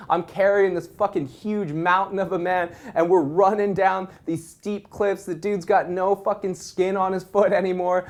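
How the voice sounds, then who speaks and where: A young man telling a wild story in a casual, animated way, swearing constantly. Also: sits high, normal speed, few pauses.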